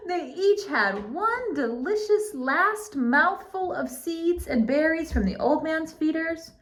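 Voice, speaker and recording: A woman reads a children's picture book aloud in a high, sing-song voice that swoops up and down. She takes her time, stopping now and then to chat playfully with her young listeners. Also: expressive, takes it slowly, a bit bright.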